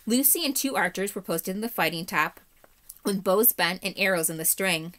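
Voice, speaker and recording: A woman, a third-grade teacher, reading a chapter book aloud in a steady, measured way. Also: medium pitch.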